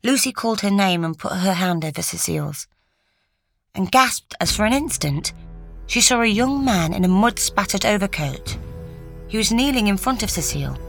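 A woman reading a story aloud in a measured, even storytelling manner. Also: mid-range voice, vocal fry. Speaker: narrator. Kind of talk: scripted narration.

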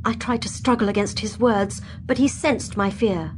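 In first person, a woman narrates an audio drama as a young female companion who is scared yet defiant, speaking earnestly and expressively. Her mid-range voice moves at normal speed and sounds close to everyday speech, with a little hiss or hum.

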